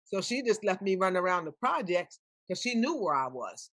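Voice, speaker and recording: A woman's voice: mid-range voice, moderate pace, no room sound. An older woman, a podcast guest, telling stories animatedly and acting out the people she quotes. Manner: animated, acts out quoted voices. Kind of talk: storytelling in conversation.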